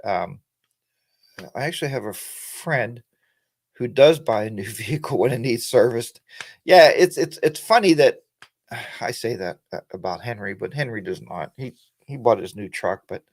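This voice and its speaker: A man's voice: mid-range voice, lively intonation, moderate pace. Rambling middle-aged man chatting casually. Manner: rambling, many fillers and restarts. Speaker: motorcycle channel host. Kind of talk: casual live-stream chat.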